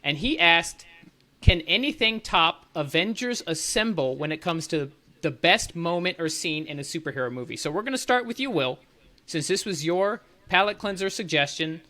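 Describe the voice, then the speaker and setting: A man's voice: on the high side, pushed and bright. A young man hosting a podcast, joking and rambling in casual banter with his co-hosts. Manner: jokey, rambling, laughs often. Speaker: podcast host.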